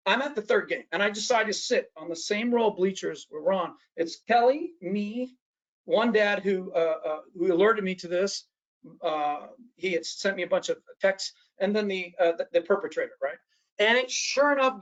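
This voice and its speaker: A man's voice: high-pitched, a bit bright, highs cut off. Man telling a story in a workshop talk. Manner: storytelling, frequent "uh, uh" and tag questions "right?". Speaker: workshop speaker. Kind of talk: anecdotal presentation to an audience.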